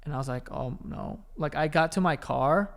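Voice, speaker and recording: A man's voice: on the high side, a little fast. A young man, co-hosting a podcast with teasing, joking banter. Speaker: podcast co-host. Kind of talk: casual chat.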